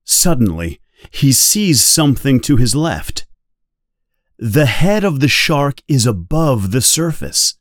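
A man giving a slow, guided reading of a novel for English learners, speaking clearly and carefully. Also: medium pitch, big pitch swings, no room sound, studio quality. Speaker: reader.

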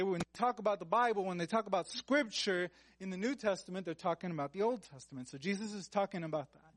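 A man's voice: high-pitched, no room sound. A man preaching a conversational sermon, reading Bible verses aloud and breaking off for casual, joking asides.

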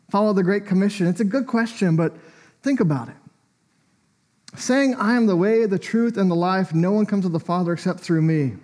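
A man's voice: sits high, darkish tone. A man preaching a sermon in a church, talking in a conversational, reflective way with small asides and fillers.

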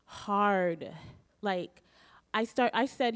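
A woman preaching a sermon to a small group, telling a personal story with animated strings of questions. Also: mid-range voice, normal speed, no room sound. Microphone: handheld mic.

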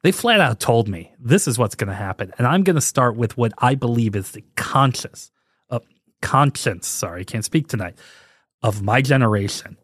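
A man in his forties hosting a podcast, rambling and joking with animated emphasis. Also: mid-range voice, moderate pace, husky, no room sound, studio quality. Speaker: podcast host. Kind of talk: casual chat.

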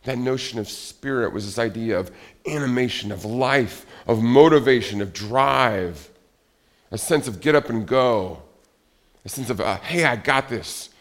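A middle-aged man preaching a sermon in a conversational, animated way, acting out little everyday scenes. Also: mid-range voice, a little slow. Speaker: pastor.

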